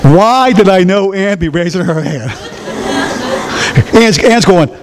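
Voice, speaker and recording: A male preacher with a strikingly high voice that leaps up and down in pitch. He delivers a lively sermon, throwing fill-in-the-blank questions at the congregation and bursting into shouts now and then. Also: slow pace, crowd noise.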